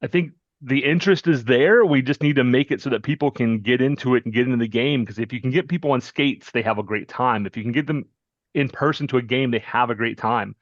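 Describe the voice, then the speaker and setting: Chatty host with a dry, dull sound. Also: male voice, medium pitch, fast talker, dry recording. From North Carolina. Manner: chatty, leans on "right?" and "you know". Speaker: podcast host. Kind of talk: casual podcast chat.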